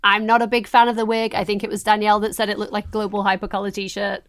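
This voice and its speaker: A woman's voice: mid-range voice, fast talker, no room sound. Chatty woman podcast co-host. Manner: chatty, animated, laughs easily. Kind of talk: casual wrestling chat.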